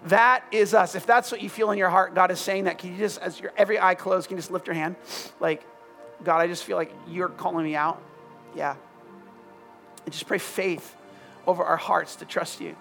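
A man preaching a sermon to a congregation, firing off emphatic questions and then dropping into soft, hushed prayer. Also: high voice, fairly even intonation, fairly quick, gravelly. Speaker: pastor. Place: church room with congregation. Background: soft music.

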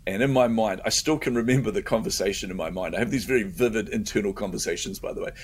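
A middle-aged man, a guest in a conversation, telling a story in an animated way and acting out his own inner voice. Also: fairly low pitch, fast talker, slight background noise.

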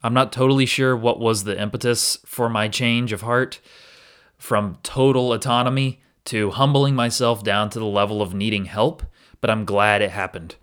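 A man's voice: on the low side, fairly even intonation, moderate pace, a bit bright, smooth. A man hosting a podcast, earnestly and candidly recounting his own experience in a reflective solo episode. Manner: earnest and candid, with occasional restarts. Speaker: podcast host.

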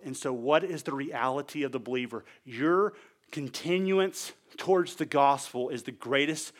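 A man preaching a sermon, emphatic and full of rhetorical questions, swinging between near shouts and quiet, low stretches. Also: moderate pace. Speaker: pastor.

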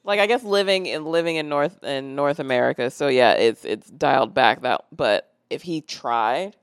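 Excitable podcast co-host, dry close sound. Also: medium pitch, clear, resonant tone, no echo. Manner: animated, quick to react, exclaiming. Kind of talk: casual film discussion.

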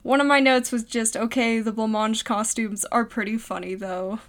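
A woman's voice: fairly high pitch, fairly even intonation, normal speed. A young woman co-hosting a podcast, chatting casually with wry jokes and frequent laughter. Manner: giggly, wry. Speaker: podcast co-host. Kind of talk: casual chat.

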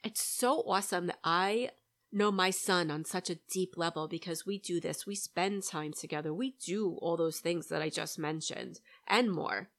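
A woman's voice: lowish voice, moderate pace. Coaching woman podcast host. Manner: coaching, keeps asking "right?". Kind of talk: solo podcast advice talk.

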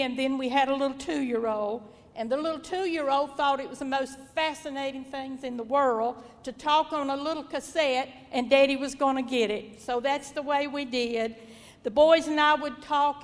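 High-voiced older Southern woman, reverberant. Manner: folksy, devout, gently chuckling. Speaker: mother sharing testimony. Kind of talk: personal testimony, reminiscing.

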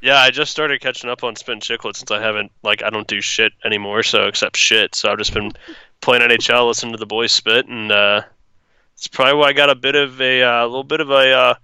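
A man's voice: medium pitch, flat delivery, quick pace, sharp tone, clear, resonant tone, no room sound. A man from St. Louis co-hosting a podcast, trading joking, profane banter. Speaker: podcast co-host. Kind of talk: casual chat.

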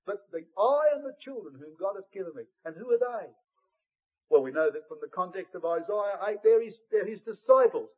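A man preaching a Bible study sermon to his congregation, earnest and emphatic, rising to forceful peaks and dropping to hushed asides. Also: sits high, expressive, a little fast, husky. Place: church hall. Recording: tinny lo-fi phone-like line.

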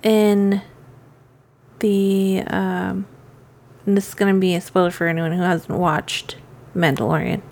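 A woman's voice: medium pitch, flat delivery, a little slow, long pauses, a little mellow. Casual woman co-host asking questions. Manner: questioning, dry remarks between fillers. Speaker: podcast co-host. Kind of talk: casual movie chat.

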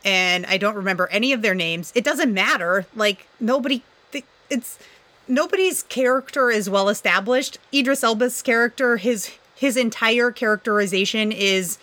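A woman's voice: on the high side, normal speed, sharp tone, no echo. A woman co-hosting a casual chat, rambling and sarcastic, often laughing.

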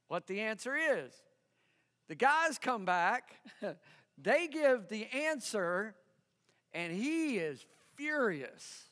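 A man preaching a sermon, retelling a story in an animated way, acting out the voices of the people in it and chuckling often. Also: very high voice, big-room sound. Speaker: pastor.

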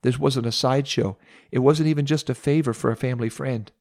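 A man's voice: medium pitch, brisk. Dramatic male preacher telling a story. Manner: dramatic, expressive retelling. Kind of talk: sermon storytelling.

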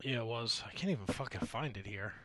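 Man, bright tone, laid-back, wry, casual podcast talk, dry sound. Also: lowish voice, a little fast, no room sound. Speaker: podcast co-host. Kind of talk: casual wrestling chat.

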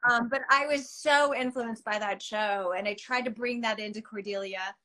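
A middle-aged woman being interviewed as a guest actress over a video call, chatting casually in an animated, self-mocking way with lots of fillers. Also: a little high, moderate pace, rough recording.

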